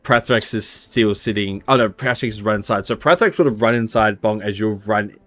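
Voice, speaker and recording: A man's voice: lowish voice, a little fast, a bit bright, dry recording. Man narrating as game master, filler-heavy.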